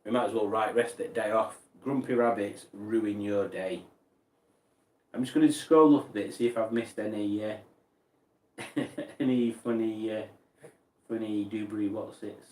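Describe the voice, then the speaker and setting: A man's voice: lowish voice, steady tone, measured pace, pauses often, darkish tone, distant mic. A man, chatting casually on a stream as he reads out viewers' messages and rambles along with mock outrage. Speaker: streamer reading chat. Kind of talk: casual livestream chat. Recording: echoey room, voice from off mic.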